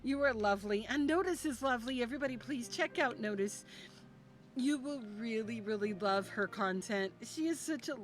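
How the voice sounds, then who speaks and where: A woman's voice: on the high side, normal speed. A woman game streamer chatting casually on a live stream, gushing and affectionate with her viewers. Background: game music.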